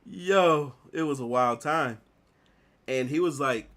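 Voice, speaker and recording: Man, 30s, casual artist vlogger; loose storytelling with lots of fillers, crisp bright tone. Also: mid-range voice, slow. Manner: rambling, animated retelling with repeated "like". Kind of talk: casual storytelling while drawing.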